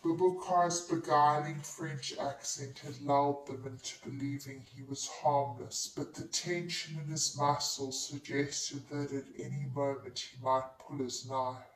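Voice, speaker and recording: An audiobook narrator reads a novel in the first person, steady and measured. The pace is slow and unhurried. The voice echoes around a roomy space and sounds distant from the microphone. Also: medium pitch. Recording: roomy echo, distant mic.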